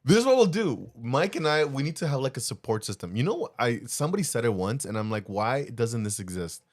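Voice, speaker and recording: A man's voice: medium pitch, animated, brisk, no room sound. A man co-hosting a podcast in casual chat, playful and teasing, often stammering and restarting his sentences. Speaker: podcast co-host.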